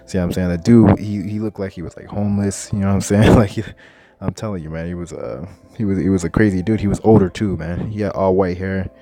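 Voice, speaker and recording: A man's voice: deep voice, fairly even intonation, fast, dark tone. A man casually telling a spiritual testimony in loose, slangy talk, ending nearly every phrase with "man.". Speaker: scripture teacher.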